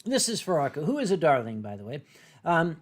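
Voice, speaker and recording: Here a man runs a livestream, sketching what viewers ask for while chatting in a playful, rambling way full of fillers. His voice sits on the high side, and he sounds very animated and brisk.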